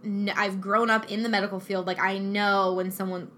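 A woman's voice: medium pitch, normal speed, a little hiss or hum. A young woman telling a personal story in casual chat, acting out what people said. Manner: animated storytelling, acting out quotes.

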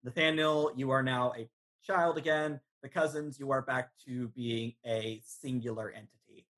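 A game master narrating a tabletop role-playing session in a relaxed way with frequent fillers. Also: mid-range voice, normal speed.

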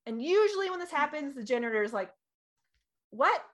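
A woman in her thirties chatting casually as a podcast co-host, animated and laughing, acting out quoted voices. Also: high-pitched, rapid-fire. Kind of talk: casual chat.

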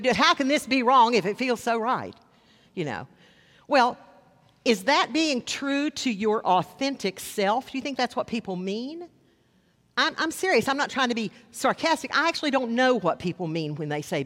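A man preaching a sermon as a pastor, conversational with wry asides, slowing down to stress key lines. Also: sits high, fairly bright tone. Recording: long reverb of a large hall.

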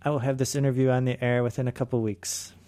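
A man hosting a community radio show, chatting in a laid-back, halting way with lots of fillers. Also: medium pitch, flat delivery, warm tone, dry recording, studio quality. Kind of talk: casual radio chat.

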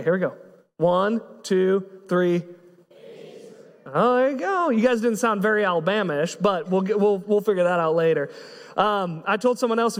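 A man preaching a sermon as pastor, impassioned, swinging between hushed and excited delivery. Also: high voice, big-room sound.

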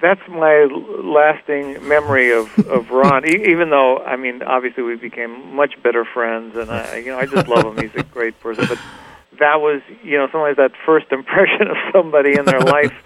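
A middle-aged man, a guitarist guest in a radio interview, telling stories in a relaxed, rambling way with many fillers and restarts. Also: mid-range voice, normal speed, poor audio. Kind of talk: casual interview storytelling.

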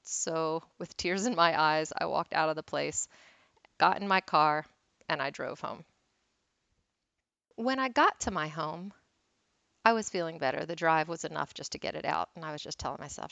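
A woman's voice: sits low, normal speed, creaky, pauses often, sharp tone, no room sound, highs cut off. A woman hosting a wellness talk, telling a candid, self-deprecating personal story. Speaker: wellness teacher and host.

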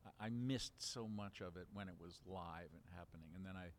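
Here a man from Baltimore in his seventies, speaking low and brisk, reminisces freely in a casual interview. His long, rambling answers are filled with fillers and restarts, heard over faint background noise.

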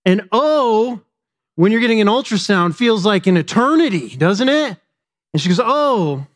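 Man, thirties, pastor, sermon, conversational storytelling, somewhat high voice. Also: animated, brisk. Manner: storytelling, conversational, addresses the congregation directly.

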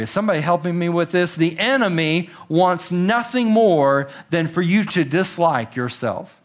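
Preaching in a voice that sits high, this pastor is animated and dramatizes quotations with exclamations. He slows down and softens his tone to stress the most important lines.

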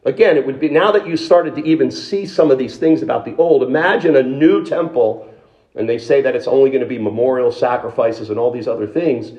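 A man's voice: medium pitch, a little fast, muffled recording. A man in the role of a pastor, delivering a sermon in an emphatic, conversational way, with rhetorical questions and frequent restarts.

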